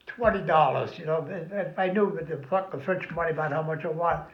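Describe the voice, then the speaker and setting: A man's voice: a little high, fairly quick, hardly any pauses. Older man, rambling profane storyteller, echoey room, muffled sound. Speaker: veteran interviewee. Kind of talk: oral history storytelling.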